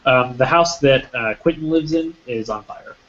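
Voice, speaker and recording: A man running a tabletop game as game master, describing scenes with many pauses and restarts. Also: mid-range voice, a bit bright, highs cut off, a little hiss or hum. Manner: hesitant, many ums and restarts.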